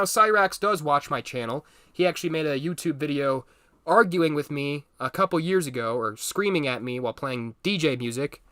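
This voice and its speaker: A man delivers a solo commentary monologue in a bright, fairly high voice. He speaks bluntly and with emphasis, leaning on repeated words. The recording is dry and close. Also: dry recording. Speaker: commentary channel host.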